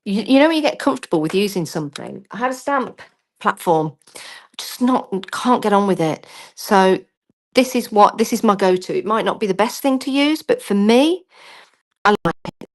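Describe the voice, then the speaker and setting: A woman's voice: medium pitch, lively intonation, normal speed. A woman chatting through a live craft demonstration, self-deprecating and talking as she works. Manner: chatty, self-deprecating, talks while working.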